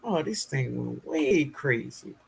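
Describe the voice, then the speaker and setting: A man's voice: mid-range voice, animated, slow, creaky, breathy edge. A middle-aged man hosting a live gardening stream, reading the chat aloud and greeting viewers by name, laughing often.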